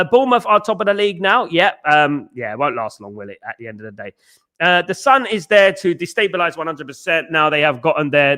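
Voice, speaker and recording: A man's voice: fairly high pitch, bright, forceful tone. A man hosting a football chat show, reading viewers' messages, rambling with many restarts and calling people "mate". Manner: rambling, restarts often, frequent "mate" and "you know what I mean". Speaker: podcast host reading live chat. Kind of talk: casual fan chat.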